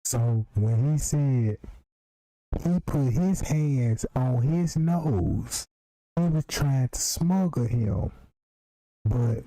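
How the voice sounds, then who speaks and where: A man's voice: mid-range voice, warm tone, no room sound, poor audio. A man giving emphatic casual commentary on a video, repeating himself to point things out. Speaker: streamer commenting on footage.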